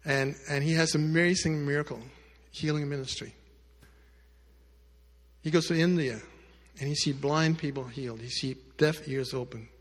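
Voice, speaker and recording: A male pastor telling a story in a sermon, addressing the congregation directly and moving between loud emphatic lines and hushed quiet ones. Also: on the high side, fairly even intonation, moderate pace, in a large hall. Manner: speaks directly to the congregation with asides.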